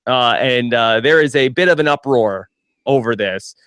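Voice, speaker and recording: Male podcast host, smooth and clear, light chuckles, dry close sound. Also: mid-range voice, moderate pace, a bit bright, dry recording. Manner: laughs often, hesitant with many fillers. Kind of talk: casual news chat.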